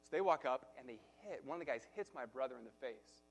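A male pastor preaching a sermon, telling a personal story in an animated way, swinging from soft to loud. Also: medium pitch, quick pace, slight background noise.

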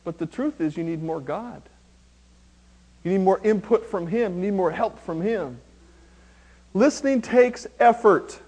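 High-voiced man preaching with humor. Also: a little slow, long pauses. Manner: animated, humorous preaching with acted-out quotes. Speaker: pastor. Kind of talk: sermon.

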